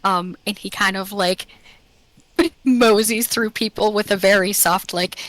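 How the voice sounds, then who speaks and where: A woman's voice: medium pitch, steady tone, slow pace, fairly bright tone, dry recording, rough recording. A woman player describing her character's actions in a tabletop game, chatty and hesitant.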